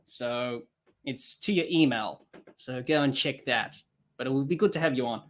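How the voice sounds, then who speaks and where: A man doing live cricket commentary for a podcast, rising excitedly on the play and dropping quiet to read viewer comments. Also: normal speed, a little hiss or hum. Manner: lifts pitch and volume for the action, drops low to read comments and chat.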